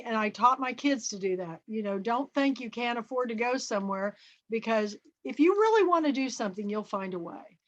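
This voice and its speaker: High-voiced chatty woman host, muffled audio. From Kansas, USA. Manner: chatty, lively storyteller who acts out dialogue. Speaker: book and film club host. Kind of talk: casual chat with anecdotes.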